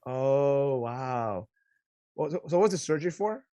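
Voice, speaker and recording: A man co-hosting a casual podcast chat, excitable and quick to interrupt with questions. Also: medium pitch, no echo, lo-fi sound. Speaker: podcast co-host.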